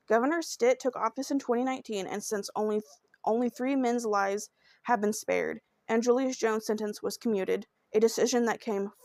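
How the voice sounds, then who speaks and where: A woman's voice: mid-range voice, vocal fry, dry recording, clean studio sound. Earnest woman hosting a true crime podcast. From Oklahoma. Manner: earnest, emotional, heartfelt. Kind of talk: podcast narration.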